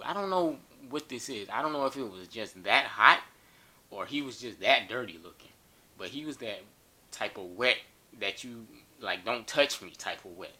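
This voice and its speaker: A man's voice: mid-range voice, vocal fry, sharp tone. A man telling a funny story in a casual, joking and profane way.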